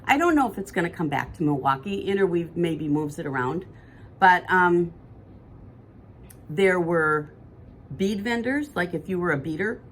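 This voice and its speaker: A woman's voice: fairly low pitch, expressive, moderate pace, long pauses, a bit bright, a little hiss or hum. A woman, co-hosting a podcast in casual chat that rambles and corrects itself as she goes. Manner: chatty, rambling, self-correcting. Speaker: podcast co-host.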